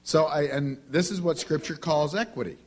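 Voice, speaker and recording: Husky-voiced man telling a sermon story. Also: on the high side, moderate pace, darkish tone. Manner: folksy anecdotal storytelling, acting out dialogue. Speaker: preacher.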